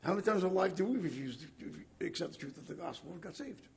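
A male preacher with a rather high voice full of gravel and rasp, delivering a conversational sermon. He reads scripture aloud and keeps turning to the congregation with rhetorical questions. His voice sounds worn and husky throughout. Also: sing-song, fast talker. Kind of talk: sermon with Bible reading.

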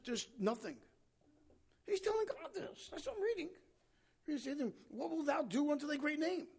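A man's voice: very high voice, a little mellow, husky. A man giving conversational Bible teaching, questioning his listeners and paraphrasing scripture. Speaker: preacher.

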